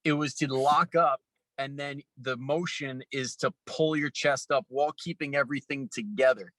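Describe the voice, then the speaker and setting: Man, podcast host, bright voice, dry close sound, relaxed joking chat. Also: medium pitch, normal speed, no room sound, poor audio. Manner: relaxed, joking, filler-heavy. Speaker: podcast host, strength coach.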